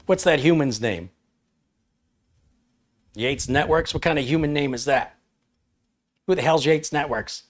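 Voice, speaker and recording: A man's voice: fairly high pitch, unhurried, pauses often, voice pushed up. Man voicing an outraged pet squirrel. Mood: indignant. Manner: huffy, outraged shouting. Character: indignant famous male pet squirrel, hot-tempered.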